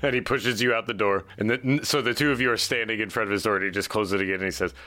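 A man acting as game master, narrating a tabletop game in a lively, chatty way. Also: lowish voice, very fast.

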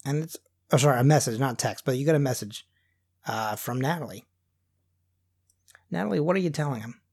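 A man's voice: mid-range voice, a little fast, creaky, darkish tone, breathy edge. A man narrating as game master of a tabletop game, rambling with many fillers and restarts.

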